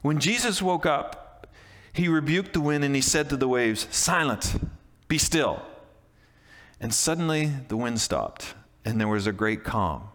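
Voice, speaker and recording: A man's voice: medium pitch, expressive, unhurried, a bit bright, in a large hall. A man preaching a sermon as pastor, talking in a conversational way with frequent restarts and emphatic repeats. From Canada.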